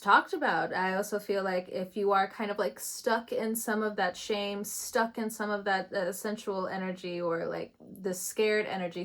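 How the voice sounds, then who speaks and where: A woman doing a casual tarot reading. She talks in a chatty, loose way, laughs often and swears casually. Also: mid-range voice. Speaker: tarot reader.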